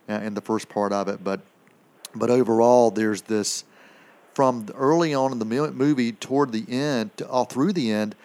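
A man's voice: on the low side, a little mellow. A man co-hosting a radio film segment, reviewing movies in casual chat, rambling with many fillers and restarts.

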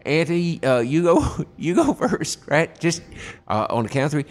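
A small, polite director from the American South, as a man puts him on while telling a story. He drawls out simple instructions patiently and gently, and his voice sits a little higher than the storyteller's own. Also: very animated, moderate pace. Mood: coaxing.

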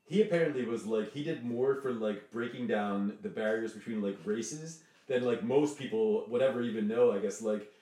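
A man's voice: lowish voice, normal speed, hardly any pauses, warm tone. A man in casual podcast chat, rambling easily and full of fillers. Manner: rambling, filler-heavy, easygoing. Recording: roomy, off-mic sound.

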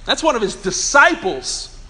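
A man preaching a Sunday sermon, telling humorous, chatty stories and slowing down to press points home. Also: extremely high pitch, very animated, bright, forceful tone. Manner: earnest preaching with slow emphasis. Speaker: pastor.

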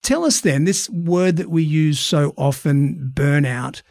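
A man with an Australian accent hosting a podcast interview, reading his intro in a measured, emphatic way. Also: fairly high pitch, gravelly, darkish tone, no room sound, studio quality. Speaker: podcast host.

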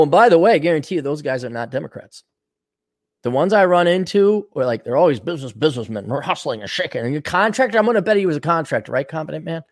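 Brief: older male podcast host, sick, gravelly, animated swearing rant, dry close sound. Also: a little high, dry recording. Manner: profane, sarcastic, reads donor messages aloud. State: sick, clearing his throat. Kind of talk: casual ranting monologue.

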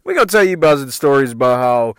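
Profane, animated man telling stories. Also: mid-range voice, quick pace, clear, resonant tone, no room sound, clean studio sound. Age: adult parent. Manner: profane, animated, loose street slang. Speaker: podcast host. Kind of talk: casual storytelling.

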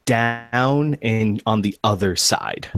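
A man's voice: lowish voice, slow, a bit bright, dry recording. A man narrating as game master of a tabletop game, hesitant, with frequent fillers.

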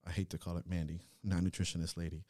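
A man co-hosting a podcast, talking in an earnest, reflective way that swings into loud, laughing rants. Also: low voice, little pitch movement, quick pace, dry recording, studio quality. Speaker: podcast co-host. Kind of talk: casual reflective chat.

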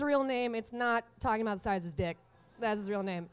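A woman in her twenties telling a comic story from her own life, animated and often laughing through the punchlines. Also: fairly high pitch, fairly quick. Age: 20s. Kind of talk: live comedic storytelling.

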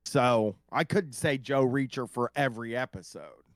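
A man co-hosts a casual podcast about a TV show, speaking bluntly and joking around with plenty of swearing. His voice sits at a middle pitch. The recording is close and dry. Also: expressive, moderate pace, no room sound. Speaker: podcast co-host. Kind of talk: casual TV recap chat.

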